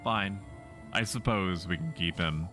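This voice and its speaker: A man's voice: deep voice, unhurried, pushed and bright, soft background music. A man voicing a stern, easily flustered young witch woman from a game who speaks curtly. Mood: exasperated. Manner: curt, exasperated.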